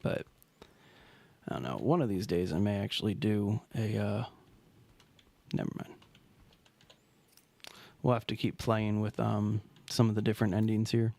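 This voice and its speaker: Creaky and on the low side, this man's voice moves unhurriedly, with frequent pauses, as he plays a video game on stream. He rambles in a relaxed way, drifting off partway through sentences while commenting on the game.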